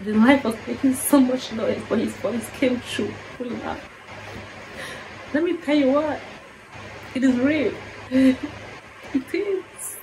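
Earnest female reaction vlogger, emotional worship talk, raised pitch, noisy room. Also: takes it slowly, long pauses. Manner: earnest, fervent, softening to hushed reflection.

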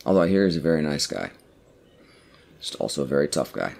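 A man's voice: a bass voice, big pitch swings, fast talker, gravelly, a little mellow. A man co-hosting a casual let's play, joking wryly and reading game text aloud. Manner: wry, jokey, reads game text aloud. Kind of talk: casual gameplay commentary.

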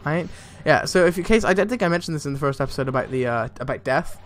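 A young man giving casual, excitable gameplay commentary, swearing a lot and laughing often. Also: a little high, fast talker, slight background noise. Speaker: let's play gamer. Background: faint game music.

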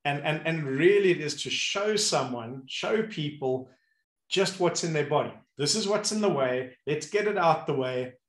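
Animated man, roomy sound. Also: fairly high pitch, moderate pace. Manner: animated storyteller, acts out the people he describes. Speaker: movement coach and host. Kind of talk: casual conversation. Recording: roomy echo.

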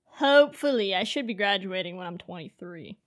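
A woman's voice: medium pitch, expressive, a little fast. A woman of twenty-two, a streamer, talking casually to her future self in a loose, rambling way, laughing often and leaning on fillers. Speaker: streamer and content creator.

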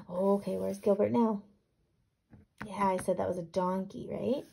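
A woman teacher reading a picture book aloud to young students, animated, asking questions and sounding words out. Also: medium pitch, unhurried, gravelly, a little hiss or hum.

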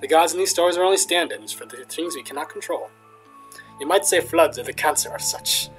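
A man voicing an eccentric old male stargazer with a loose attempted Russian accent and a slow, solemn storytelling delivery, reading game dialogue aloud. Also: fairly high pitch, expressive, fairly bright tone, faint music behind, low-quality recording.

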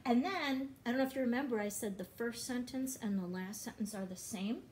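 A woman's voice: on the high side, fairly quick, darkish tone, a little hiss or hum. A woman teaching a music lesson to young children online, encouraging and patient, often chanting and singing syllables.

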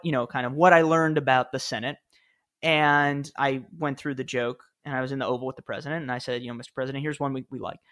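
A man's voice: medium pitch, a bit bright. A man in his thirties, a podcast guest, telling stories in a chatty, easygoing way with fillers and small laughs. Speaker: podcast guest, former speechwriter. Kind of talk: casual interview storytelling.

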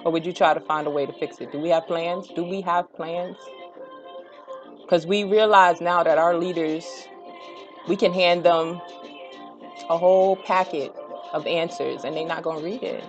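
A woman's voice: fairly low pitch, normal speed, dull audio, soft background music. A young woman, ranting straight at her audience in a blunt, profane way that climbs into heated outbursts. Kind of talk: impassioned direct-to-camera rant.

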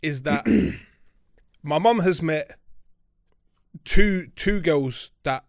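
A man's voice: fairly high pitch, expressive, drawn-out words, no room sound, clean studio sound. A young man on a casual podcast chat, talking in long thoughtful turns with restarts. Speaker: podcast co-host or guest.

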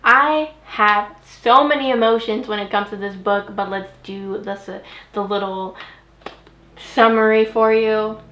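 A woman's voice: medium pitch, fairly even intonation, a little slow, sharp tone, highs cut off. A young woman chatting casually in a book review vlog, rambling with fillers and hiccuping now and then. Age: young adult. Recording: echoey room.

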